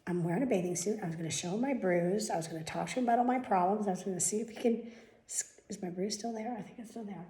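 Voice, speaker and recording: A woman's voice: medium pitch, fast, mellow, roomy sound. Woman ranting in exasperation. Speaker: vlogger. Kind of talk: casual vlog rant.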